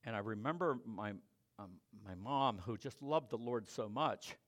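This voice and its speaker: A man preaches a sermon and shares his personal testimony, swinging from loud, emphatic preaching to quiet, confessional storytelling. His voice is on the low side, expressive, and a little slow.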